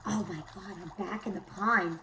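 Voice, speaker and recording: Woman, VTuber, casual game commentary, excitable, bright tone. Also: medium pitch, moderate pace, a little hiss or hum, low-quality recording. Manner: excitable, squealing and gasping at animals. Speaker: VTuber streamer.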